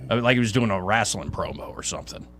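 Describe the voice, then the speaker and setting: A man's voice: lowish voice, very fast. A man, hosting a casual talk radio show and telling stories with acted-out quotes. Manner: animated storyteller, acts out quotes. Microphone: studio mic.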